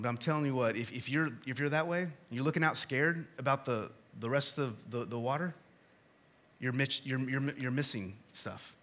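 A male pastor in his thirties preaching a casual, story-driven sermon in a church, swinging between loud emphasis and hushed asides. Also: mid-range voice, moderate pace.

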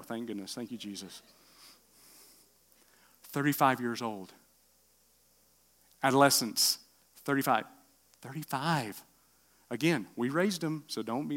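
A middle-aged man preaching a sermon, asking the room questions and swinging from loud bursts to hushed lines. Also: mid-range voice, moderate pace, pauses often. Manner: animated preaching with rhetorical questions and sudden drops to quiet. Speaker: pastor.

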